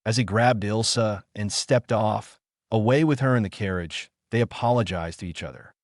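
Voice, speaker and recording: A man's voice: fairly low pitch, normal speed, a little mellow, dry recording, studio quality. A man narrating a manga story recap in a casual storytelling manner.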